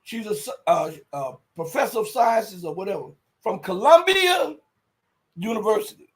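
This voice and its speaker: A man hosting a livestream, giving casual political commentary in a rambling, emphatic way, breaking into loud outbursts and muttering while he searches online. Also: sits high, big pitch swings, moderate pace, low-quality recording. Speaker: livestream host.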